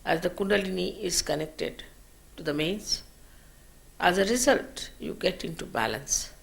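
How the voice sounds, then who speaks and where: A woman teacher giving a slow, measured spiritual lecture at a public program, her phrases trailing off softly. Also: lowish voice, vocal fry. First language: Marathi.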